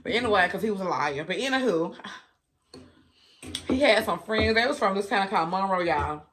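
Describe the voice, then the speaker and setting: Woman vlogger, forties, casual storyteller, warm and chatty. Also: medium pitch, lively intonation, moderate pace, slight background noise. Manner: chatty, addresses viewers as y'all, laughs often. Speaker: food vlogger.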